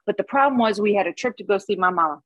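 A middle-aged woman gives a personal testimony to a support group, speaking candidly and often laughing at her own past. Her voice sits at an ordinary pitch for a woman. The recording is dry, with almost no room sound. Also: expressive, fast talker, no room sound, rough recording. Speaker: Al-Anon member sharing her story. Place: Dallas.

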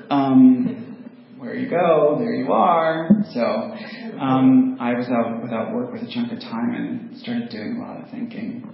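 A man telling his personal recovery story to a group, self-mocking and halting, with many ums and laughs. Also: mid-range voice, steady tone, creaky. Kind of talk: personal testimony talk. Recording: dull, noisy, echoey room recording.

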